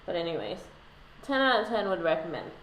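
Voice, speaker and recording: A woman's voice: fairly low pitch, very animated, a little fast, fairly bright tone, slight background noise. A woman vlogger telling a history story in a casual, irreverent way, with lots of "like" and swearing. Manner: irreverent, sarcastic, filler-heavy, swearing. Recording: echoey room.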